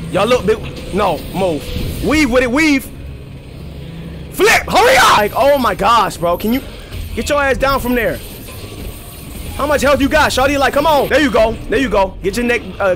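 A young man commentating his own gameplay, excitable and profane, trash-talking enemies and shouting at the screen. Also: extremely high pitch. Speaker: gaming channel host. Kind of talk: let's play commentary. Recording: game music clearly behind the voice.

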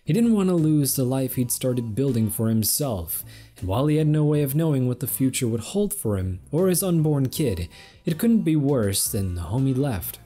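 A man reading fan fiction aloud in steady narration. His voice is mellow and dark, at an ordinary pitch. Faint music plays beneath. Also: moderate pace. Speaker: story reader.

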